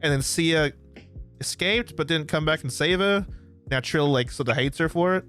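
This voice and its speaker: An Australian man hosting a podcast, chatting excitedly and rambling, often losing track of names. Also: on the high side, moderate pace, faint music behind. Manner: excitable, rambling, forgets names mid-sentence. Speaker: podcast host. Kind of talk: casual chat. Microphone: desk microphone.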